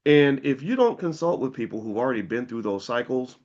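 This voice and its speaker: A man's voice: mid-range voice, animated, a little fast, darkish tone. A man in his fifties telling a story in a blunt, fiery monologue, swearing freely. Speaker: commentator and educator. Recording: slightly muffled recording.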